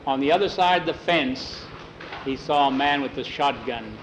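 A man's voice: mid-range voice, unhurried, fairly bright tone, a little hiss or hum, rough recording. A man telling a western story aloud in a folksy way, tagging lines with "he says.". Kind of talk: oral storytelling.

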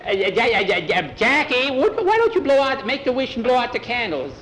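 A man voicing an excitable, mischievous boy who stammers and squeals in a high, rushed voice. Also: a little hiss or hum, heavily acted. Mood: frantic.

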